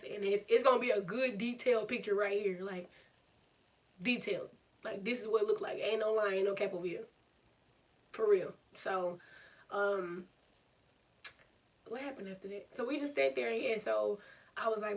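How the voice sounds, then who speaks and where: A young woman, telling a storytime vlog in an animated, laughing way. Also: mid-range voice, distant mic. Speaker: vlogger.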